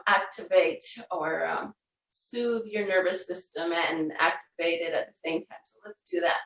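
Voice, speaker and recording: A woman teaching a yoga class, giving gentle, unhurried cues with the odd filler. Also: medium pitch, distant mic. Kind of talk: guided yoga class instruction. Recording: roomy, voice a bit off the mic.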